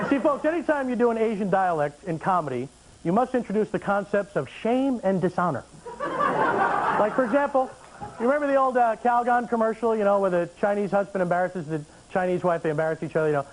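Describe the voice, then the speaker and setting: A man doing a stand-up comedy set on a TV studio stage, animated with deadpan asides and frequent fillers. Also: sits high, quick pace, low-quality recording. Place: TV studio stage before an audience.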